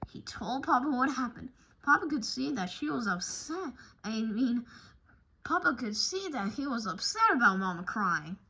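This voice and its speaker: A woman reading a children's storybook aloud, animated and expressive, with a few small slips. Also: a little high, normal speed, breathy edge, rough recording. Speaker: narrator.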